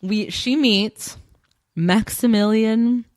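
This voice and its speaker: A woman's voice: a little high, slow, darkish tone. A young adult woman co-hosting a podcast, recapping a show in blunt, casual chat with swearing and laughter. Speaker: podcast co-host.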